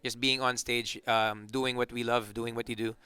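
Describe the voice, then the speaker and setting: Filipino musician for a loose, joking interview, bright and crisp, dry sound. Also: male voice, mid-range voice, normal speed, no echo. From Philippines. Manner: relaxed, joking, rambling with restarts. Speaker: band member. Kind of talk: casual interview chat.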